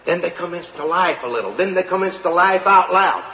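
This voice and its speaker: A man's voice: high voice, animated, fairly quick, sharp tone, a little hiss or hum. A man delivering a folksy comic monologue in a drawling storyteller's manner. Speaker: comedian. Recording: live hall, dull, audience. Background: audience laughter.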